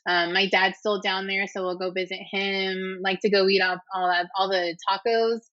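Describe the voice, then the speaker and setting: Bright-voiced woman on a muffled recording. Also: mid-range voice, little pitch movement. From Corpus Christi, Texas. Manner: warmly encouraging listener, quick affirmations. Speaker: podcast co-host. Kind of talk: casual chat.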